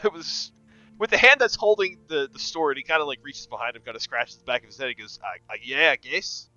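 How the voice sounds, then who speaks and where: A man's voice: a little high, sing-song, fast talker, bright, forceful tone, no room sound, lo-fi sound, soft background music. A man narrating a tabletop game as game master in a casual, laughing way.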